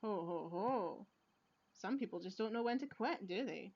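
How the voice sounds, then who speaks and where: A woman's voice: medium pitch, animated, moderate pace, a little mellow, husky. A woman voicing a smug, menacing older male police chief who gloats and laughs heartily, read aloud from a video game. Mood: gloating. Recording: lo-fi recording.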